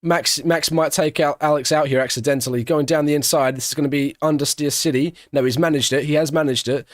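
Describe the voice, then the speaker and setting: A man's voice: a little high, fast, few pauses, dry recording, studio quality. A man streaming a live race watch-along, giving casual commentary and answering questions from his chat. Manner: chatty, answers chat questions, breaks into excited shouting at big moments.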